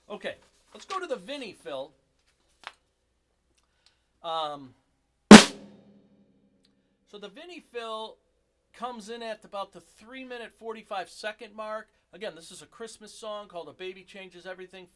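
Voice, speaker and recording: A man's voice: sits high, a bit bright. A man giving a casual drum lesson in his basement drum room, chatty and enthusiastic, joking about himself. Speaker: drum teacher.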